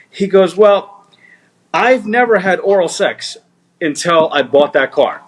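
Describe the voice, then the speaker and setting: A man co-hosting a talk show who tells a long car-dealing story and acts out the voices of the people in it. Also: a little high. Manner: animated, acts out quoted people. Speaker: co-host, car dealer. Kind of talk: storytelling in casual chat.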